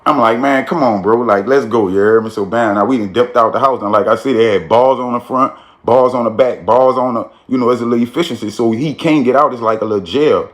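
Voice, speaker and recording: A man's voice: medium pitch, fast. A man telling a street story in a casual, slangy way, with frequent "you feel me" tags.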